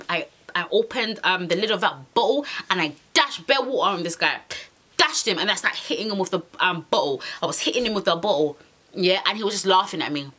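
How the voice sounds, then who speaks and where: A young woman with a London accent, telling a storytime vlog in an animated, heated way, full of slang. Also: mid-range voice. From England. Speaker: vlogger.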